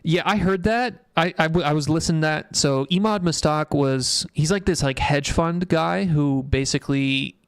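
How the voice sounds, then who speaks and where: Young male streamer, casual and profane, slightly high voice, dry close mic. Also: moderate pace, hardly any pauses, clear, resonant tone, no echo. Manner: rambling, blunt and profane, reads chat aloud. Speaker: livestream host. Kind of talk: casual tech livestream commentary.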